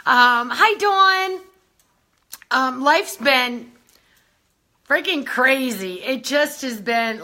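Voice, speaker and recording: Woman, live-stream host, high voice, out of breath, chatty, greets viewers, laughs a lot. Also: sharp tone. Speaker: beauty brand founder hosting a live stream. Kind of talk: casual live-stream chat.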